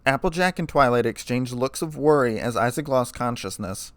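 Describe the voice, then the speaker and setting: A man reading a fan fiction story aloud in a plain, steady narrating voice. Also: medium pitch, normal speed, no echo.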